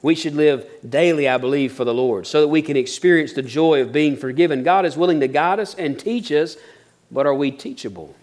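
A man's voice: a little high, fairly quick, darkish tone. A middle-aged man preaching a sermon, mixing folksy storytelling with earnest, building emphasis. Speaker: pastor.

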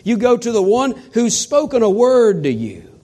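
A man preaching a sermon to his church, swinging from shouts down to hushed near-whispers and firing rhetorical questions at his listeners. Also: very high-pitched, very animated, moderate pace. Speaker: pastor.

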